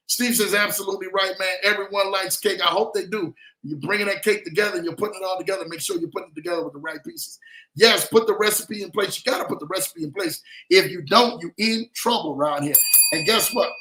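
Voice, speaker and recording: Bright high-voiced man hyping a livestream. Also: poor audio. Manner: animated, repeats "man" and "brother" a lot, shouts out viewers. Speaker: livestream show host. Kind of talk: casual livestream chat.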